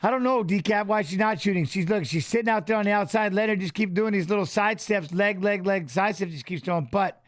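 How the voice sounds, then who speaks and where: A middle-aged man hosting a fight watch-along, animated, coaching the fighters and chatting with viewers. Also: high voice, fairly quick, few pauses. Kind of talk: live watch-along commentary and chat reading.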